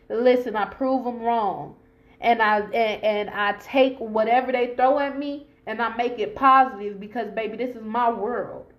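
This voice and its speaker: A woman's voice: on the high side, reverberant. Emphatic slangy woman podcaster. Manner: emphatic, repetitive, slangy and profane. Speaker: podcast host. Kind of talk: casual motivational monologue.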